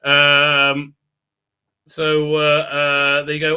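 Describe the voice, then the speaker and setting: Bright rambling man, sarcastic. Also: on the high side, completely flat delivery, drawn-out words, clear, resonant tone. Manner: rambling, sarcastic, many fillers. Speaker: host. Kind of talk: live stream commentary.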